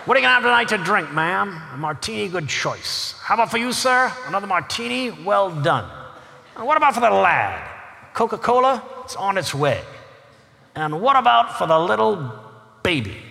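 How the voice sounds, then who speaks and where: A man voicing a gruff, brisk male steakhouse waiter taking drink orders in a businesslike way. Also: high-pitched, sing-song, bright, forceful tone, big-room sound, exaggerated voice.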